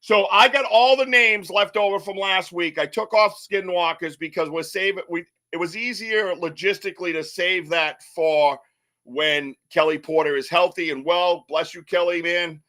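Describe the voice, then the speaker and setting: A man's voice: high voice, moderate pace, pushed and bright. A man hosting a live podcast, chatting casually in a rambling, joking way and laughing often. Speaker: podcast host.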